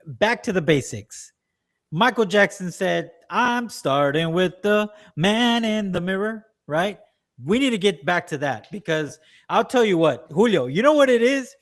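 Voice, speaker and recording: A man co-hosting a casual political podcast, ranting at length and mimicking people in quick quoted asides. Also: sits high, lively intonation. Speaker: podcast co-host.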